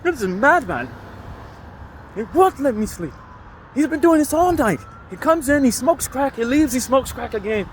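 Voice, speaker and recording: A man putting on the voice of an irate elderly woman who cusses and rants in high, shrieking bursts. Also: very animated, moderate pace, slight background noise. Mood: furious.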